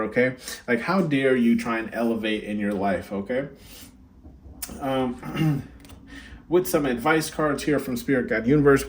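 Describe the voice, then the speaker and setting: Chatty man giving a card reading. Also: mid-range voice. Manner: chatty, frequent "right?" and "okay?" check-ins. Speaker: tarot card reader. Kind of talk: casual spoken card reading.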